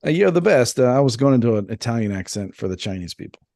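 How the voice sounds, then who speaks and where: Male podcast co-host, 30s, low voice, crude rambling storyteller, dry close sound. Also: racing, dark tone, no room sound. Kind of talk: casual podcast banter.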